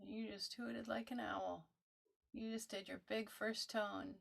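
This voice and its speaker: Woman walking you through toning exercises, gentle coaching, mid voice, shows the sounds herself. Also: fairly even intonation, unhurried, gravelly. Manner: gentle coaching, demonstrates high owl-like hoo tones. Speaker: meditation teacher. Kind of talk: guided toning instruction.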